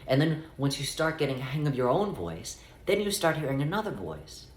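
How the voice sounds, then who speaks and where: A man giving a spiritual guidance talk, speaking as "we" in a measured way and stretching out key phrases. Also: on the high side, expressive, echoey room. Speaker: spiritual teacher.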